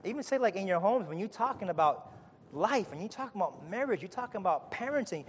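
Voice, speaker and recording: A man preaching a sermon to his congregation, building to loud emphatic peaks with repeated phrases, then dropping low and quiet. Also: lively intonation, fast talker, big-room sound, slight background noise. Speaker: pastor.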